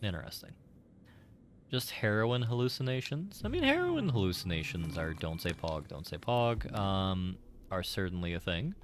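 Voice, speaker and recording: A man's voice: sits low, huge pitch swings, moderate pace, noisy background. A man casually commenting while playing a game on stream, rambling with many "like" fillers and side remarks.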